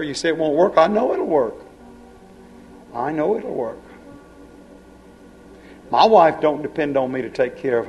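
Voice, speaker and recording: A man's voice: a little high, darkish tone, rough recording. Emphatic folksy male preacher. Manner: folksy, emphatic, rural vernacular grammar. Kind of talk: sermon.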